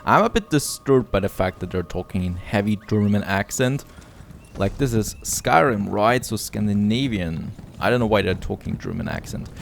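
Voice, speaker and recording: A man's voice: on the low side, animated, normal speed, vocal fry, a little hiss or hum. A man giving casual, upbeat commentary as he plays a video game, often admiring the scenery aloud. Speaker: let's play host.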